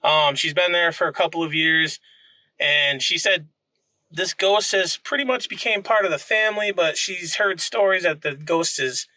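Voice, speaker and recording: Bright-voiced laid-back male vlog host. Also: fairly high pitch, moderate pace, no room sound, poor audio. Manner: laid-back, enthusiastic, filler-heavy. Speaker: paranormal investigation host. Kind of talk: casual vlog intro and interview.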